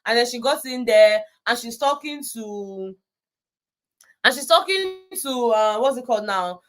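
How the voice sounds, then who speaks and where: A woman with a Nigerian accent chatting through a casual recap vlog, animated, peppering her talk with "you know" and slipping into Pidgin. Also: fairly high pitch, measured pace. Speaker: reality show recap vlogger.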